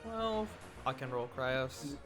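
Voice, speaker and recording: A man narrating as game master of a live tabletop game, laid-back and quick to laugh. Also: mid-range voice, animated, fairly bright tone, soft background music.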